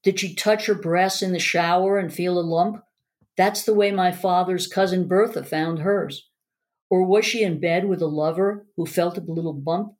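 A woman's voice: fairly low pitch, fairly even intonation, moderate pace, a little mellow. A woman narrating a first-person memoir aloud in an earnest, emotional way.

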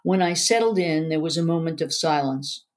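A woman's voice: low voice, normal speed. A woman narrating a first-person memoir aloud in an earnest, emotional way.

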